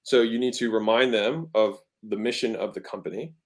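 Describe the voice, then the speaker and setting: Speaking at a moderate pace in a fairly low voice, a man appears as a guest entrepreneur in a laid-back interview, teaching sales. He's emphatic, checks in constantly with "right?", and acts out tones of voice to make his points.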